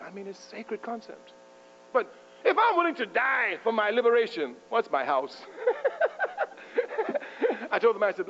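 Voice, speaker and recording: A man with a high voice delivers a fiery political lecture, emphatic and provocative. He chuckles at his own jabs. The recording is muffled and lo-fi, with a faint mains hum underneath. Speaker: political speaker. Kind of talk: fiery lecture to a live audience.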